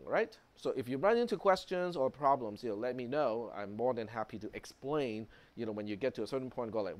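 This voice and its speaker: A man's voice: medium pitch, lively intonation, fairly quick, hardly any pauses. Chatty male college lecturer. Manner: conversational, many fillers and tag questions. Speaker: college instructor. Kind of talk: classroom lecture.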